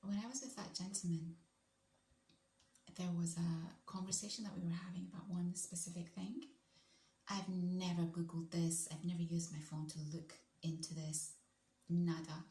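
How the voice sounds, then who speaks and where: A woman vlogger chatting casually to her viewers, often dropping into hushed whispered asides. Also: on the low side, fairly even intonation, moderate pace. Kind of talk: casual reaction chat. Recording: roomy room with faint background noise.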